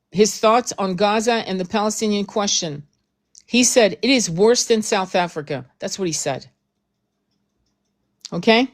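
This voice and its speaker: Host, woman; heated casual commentary, blunt, profane, repetitive emphasis. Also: medium pitch.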